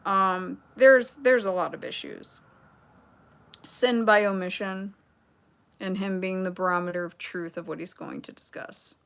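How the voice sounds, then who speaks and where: A woman's voice: mid-range voice, unhurried, vocal fry, a bit bright, clear, resonant tone. A young adult woman hosting a casual livestream, reading chat and talking in a blunt, sarcastic, rambling way with asides.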